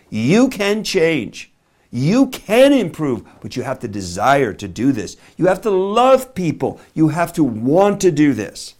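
A middle-aged man preaching a sermon, swinging from loud emphasis to very soft, slow words. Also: mid-range voice. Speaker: pastor.

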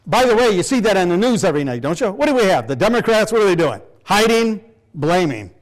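Older man, pastor, sermon, emphatic rhetorical questions, fairly high voice. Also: big pitch swings, fast.

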